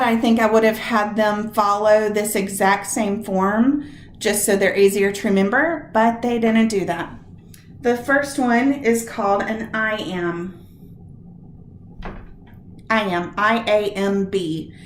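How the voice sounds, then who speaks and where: A woman teaching a lesson on poetic meter, explaining step by step and sounding out words slowly to show where the stress falls. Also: medium pitch, echoey room, a little hiss or hum. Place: room with a whiteboard.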